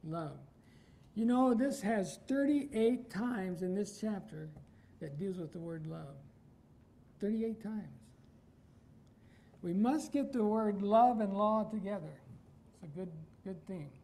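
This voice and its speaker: Mellow-voiced preacher from Iowa, man. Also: sits high, lively intonation, takes it slowly, pauses often, rough recording. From Iowa, United States. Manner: emphatic, asks the congregation rhetorical questions. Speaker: pastor. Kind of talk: sermon.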